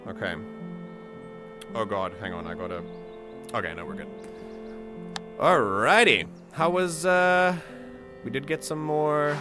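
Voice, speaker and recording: A man's voice: medium pitch, expressive, a little slow, long pauses, over music. A man hosting a let's play, chatting casually and explaining his choices as he plays. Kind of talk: casual game commentary.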